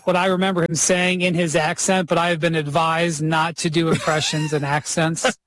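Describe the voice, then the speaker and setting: A man's voice: fairly high pitch, flat delivery, normal speed, a bit bright. A man co-hosting a casual chat, chiming in with playful, teasing remarks.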